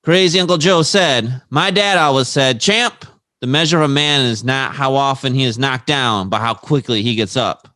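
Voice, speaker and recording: A man's voice: medium pitch, normal speed, sharp tone, dry recording. A man co-hosting a casual podcast, reading quotes aloud and laughing between them. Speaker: podcast co-host.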